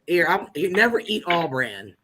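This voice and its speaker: Animated woman telling a laughing story. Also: fairly low pitch, moderate pace, crowd noise. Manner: animated, laughs through her stories. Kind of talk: casual storytelling on a live chat.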